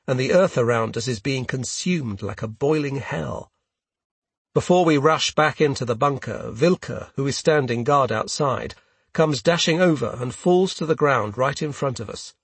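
A man reading a first-person memoir in a measured, grave narrating style. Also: mid-range voice, animated, slightly rough, no echo. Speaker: audiobook narrator.

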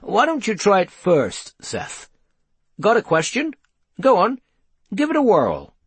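A man's voice: fairly high pitch, sing-song, unhurried, husky, dry recording, exaggerated voice. A man voicing a chatty, grumbling magical inspector who rambles in a wry, conspiratorial way. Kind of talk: audiobook character voice.

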